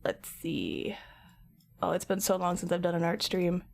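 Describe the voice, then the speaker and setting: A woman chatting casually with live viewers while she sculpts at her art desk, greeting people by name and dropping into soft mutters now and then. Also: on the low side, sing-song, unhurried, vocal fry. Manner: drops into soft mutters and whispers. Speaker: streamer. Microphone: camera mic.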